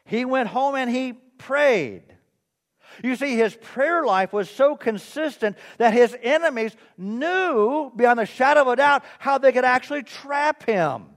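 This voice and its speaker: A pastor preaches in a higher-pitched man's voice to a church. He fires questions at his listeners and chats with them, and he pokes fun at himself. A long reverb of the hall follows him. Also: animated, measured pace. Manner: questioning, conversational, self-mocking. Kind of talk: sermon.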